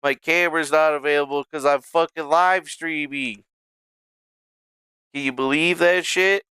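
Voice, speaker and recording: A man chatting through a live stream in an unhurried, drawn-out way, cursing freely and muttering before breaking into loud exasperated yelps. His voice is bright and crisp, recorded close and dry. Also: fairly high pitch, steady tone, dry recording. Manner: profane, muttering, bursts into loud exasperated outbursts. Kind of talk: casual live-stream talk to himself and chat.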